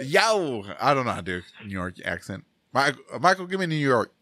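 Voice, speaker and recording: Laughing guy with a bright voice. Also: mid-range voice, big pitch swings, a little fast, dry recording, clean studio sound. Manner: laughing often, joking, says "dude" a lot. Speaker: podcast co-host. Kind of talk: casual banter. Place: Texas.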